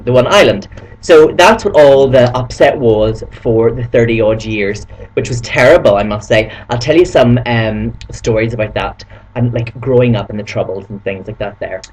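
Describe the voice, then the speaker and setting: A man's voice: mid-range voice, darkish tone, rough recording. A man from Belfast with a Northern Irish accent, chatting camply and gushingly in a casual vlog. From Northern Ireland. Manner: camp, gushing, storytelling. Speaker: vlogger presenting as a camp persona.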